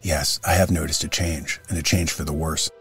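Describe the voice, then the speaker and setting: A man reading the lines of a fussy, sharp-tongued dead woman, with curt, querulous replies. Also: rumbling low, fairly even intonation, normal speed, slightly rough, faint music behind, exaggerated voice. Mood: snappish. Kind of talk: audiobook reading of a character.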